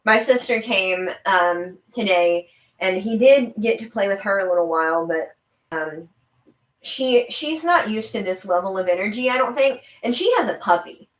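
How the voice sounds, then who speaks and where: A young woman with a faint Southern lilt chats loosely to a live-stream audience, rambling and laughing easily. Her voice sits in an ordinary middle pitch. The room around her adds a noticeable echo. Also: lively intonation, normal speed. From American South. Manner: chatty and rambling, laughing often, talking to her dog. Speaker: livestream host. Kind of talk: casual live-stream chat. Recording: roomy home recording.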